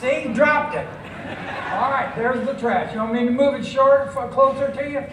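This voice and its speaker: An American man performing a live stand-up routine, drawing out his words and breaking into shouts. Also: extremely high pitch. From United States. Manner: drawn-out, emphatic delivery, bursts of shouting. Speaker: stand-up comedian. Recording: echoey venue, mic from a distance, ambient noise.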